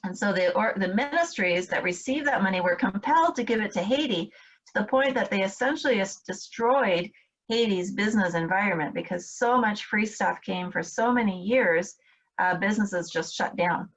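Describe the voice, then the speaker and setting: A woman's voice: medium pitch, normal speed, poor audio. A woman instructor giving a recorded training lecture, explaining step by step with frequent fillers and check-ins with her listeners. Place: home, in Michigan.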